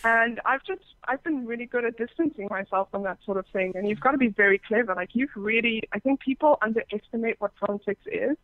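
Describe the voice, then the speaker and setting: A woman chatting as a guest in an interview, telling stories in a lively way and putting on the voices of callers she quotes. She uses lots of fillers and restarts. Her voice comes through a narrow, tinny band with no room sound, like a phone line. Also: on the high side, brisk, hardly any pauses, no room sound. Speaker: podcaster and phone sex operator, guest. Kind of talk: casual interview chat. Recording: thin, dry phone-like sound.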